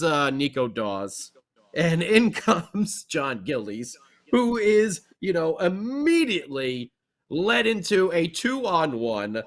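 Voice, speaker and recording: A man co-hosting a podcast, recapping a hockey game in a casual, rambling and excitable way. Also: high voice, slow pace. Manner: excitable, rambling, animated storytelling. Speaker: podcast co-host.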